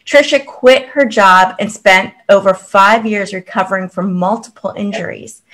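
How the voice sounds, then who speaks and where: A woman's voice: medium pitch, normal speed, fairly bright tone. A woman hosting a parenting podcast, reading an upbeat scripted introduction and then interviewing a guest with exclamatory enthusiasm. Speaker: podcast host.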